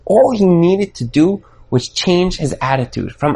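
A man's voice: sits high, expressive, measured pace, creaky, mellow, slight background noise. A man teaching a Torah class in an emphatic preaching style, full of rhetorical questions. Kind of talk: sermon.

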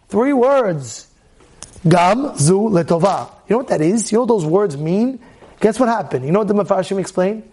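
A man teaching an animated Torah lesson. He tells the story with energy, keeps repeating rhetorical questions to his listeners, and breaks into sudden loud outbursts. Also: extremely high pitch, brisk.

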